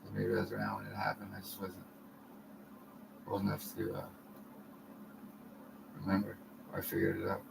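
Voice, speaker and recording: Low flat-voiced rambling man. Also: moderate pace, creaky, pauses often, background noise. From Canada. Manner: rambling, profane, jumps between topics. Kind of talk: rambling monologue to camera.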